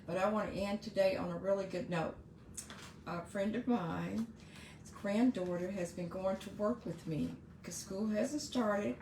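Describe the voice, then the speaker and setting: A woman's voice: mid-range voice, vocal fry, mellow, echoey room, slight background noise. A middle-aged woman hosting her own podcast, giving casual, earnest advice to parents with frequent asides and restarts. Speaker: podcast host.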